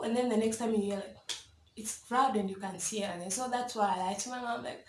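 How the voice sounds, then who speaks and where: A young woman from Kenya telling a story to her camera in a casual, animated way, laughing often and filling with "like" and "you know". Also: mid-range voice, a little fast, echoey room, a little hiss or hum. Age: young adult. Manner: animated, dramatic, laughs often, many likes and you-knows. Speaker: vlogger.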